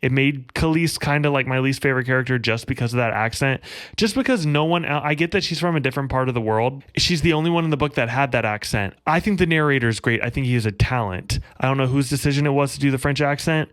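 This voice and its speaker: A man's voice: medium pitch, a bit bright, no echo. A man giving a casual, enthusiastic book review on his own channel, talking earnestly. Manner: enthusiastic, earnest, speeds up and slows down while talking.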